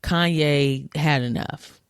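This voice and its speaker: A woman co-hosts a podcast, retelling gossip in a casual, slangy way and quoting people as she animatedly tells the story. Her low, smooth voice moves slowly. The studio-quality sound has no echo.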